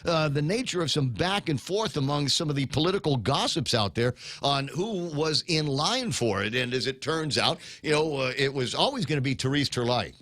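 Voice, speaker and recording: A man's voice: a little high, lively intonation, normal speed, few pauses, a bit bright, dry recording. Rambling middle-aged male radio host. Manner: rambling, many fillers and restarts; reads out listener comments. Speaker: radio talk show host. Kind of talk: morning talk radio. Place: radio studio.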